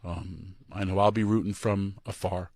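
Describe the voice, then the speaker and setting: A tearful man giving an emotional farewell speech as a departing pro wrestler, halting and full of pauses. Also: deep voice, little pitch movement, gravelly, a little mellow, dry recording.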